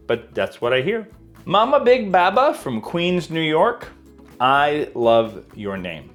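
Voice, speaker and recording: A young adult man hosting a casual cooking demonstration in a home kitchen, chatty and self-deprecating as he explains knife skills. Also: fairly high pitch. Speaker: cooking channel host.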